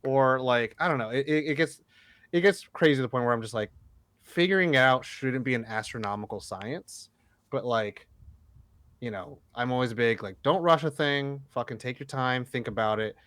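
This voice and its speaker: A man's voice: medium pitch, moderate pace, fairly bright tone, clear, resonant tone, no echo. A man co-hosting a podcast in casual chat, rambling and swearing as he acts out what people said to him. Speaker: podcast co-host.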